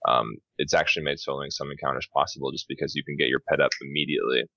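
A man with a very deep yet bright, forceful voice chats about games at a quick clip. His talk is emphatic and full of casual slang. The recording sounds dull and lo-fi. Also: level tone, no echo. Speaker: podcast co-host. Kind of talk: casual gaming chat.

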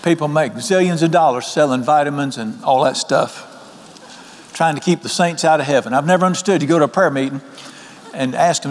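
A man, preaching an evening sermon in a folksy, animated way and asking the congregation questions. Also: on the high side, fairly quick. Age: 60s. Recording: long hall reverb.

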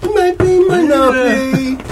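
Laughing game master with a high voice. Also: male voice, a little slow, low-quality recording. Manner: laughing often, rambling with restarts. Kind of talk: narrating a tabletop game.

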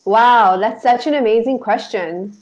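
This woman's voice sits on the high side, a bit slow and a bit mellow, with dull-sounding audio. She's an Israeli life coach appearing as a guest, casually rambling through recollections with lots of laughter and "like" fillers.

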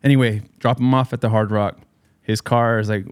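A man's voice: mid-range voice, fairly even intonation, fairly quick, darkish tone, no room sound, clean studio sound. A man and DJ telling a story in casual chat with friends, loose and profane with bro slang.

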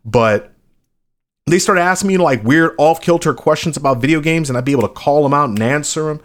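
A man's voice: fairly high pitch, brisk. A man, a battle rapper from the Chicago area, telling stories in a loose, casual interview and acting out quoted voices.

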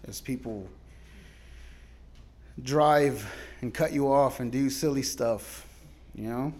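A male guest pastor giving a sermon in a casual, storytelling way, laughing often and moving between loud cries and quiet asides. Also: mid-range voice, slow pace, long pauses.

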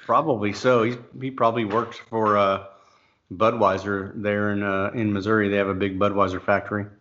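A man's voice: lowish voice, little pitch movement, brisk, a bit bright. Chatty man in casual talk. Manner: chatty, laughs along. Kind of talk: casual chat. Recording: dull lo-fi audio.

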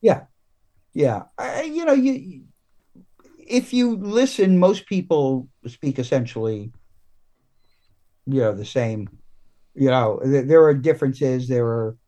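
A man speaking as a guest in a relaxed podcast chat. He talks in a halting way, circling back and restarting his sentences, with a middle-pitched voice. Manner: halting, many restarts and fillers. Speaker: guest comics writer. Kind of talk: casual podcast interview.

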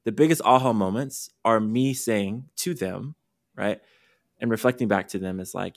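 A man's voice: on the low side, moderate pace, creaky. A man hosting a podcast interview, talking candidly in a rambling, self-interrupting way. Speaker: podcast host and career coach. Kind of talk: casual conversational interview.

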